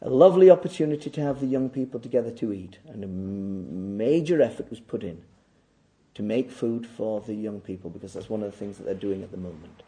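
A man preaching a sermon, emphatic and repetitive, swinging between loud declaiming and quiet asides. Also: fairly low pitch, a little fast. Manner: emphatic, repeats phrases for stress. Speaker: pastor.

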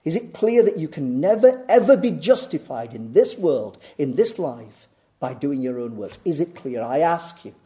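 With a slightly high voice and big swings in pitch, a man preaches at a moderate pace. He hammers key words, asks the congregation rhetorical questions, and alternates raised urgency with quiet asides.

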